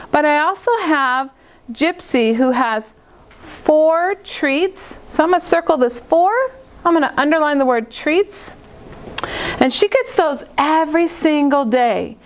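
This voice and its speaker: A woman teacher recording a math lesson for second graders, talking through each step slowly and clearly. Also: high voice. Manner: slow, clear, step-by-step explaining.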